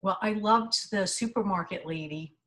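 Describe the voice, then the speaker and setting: A woman's voice: mid-range voice, normal speed, fairly bright tone, rough recording. Enthusiastic woman interviewer. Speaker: interviewer, correspondent. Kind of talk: casual interview questions.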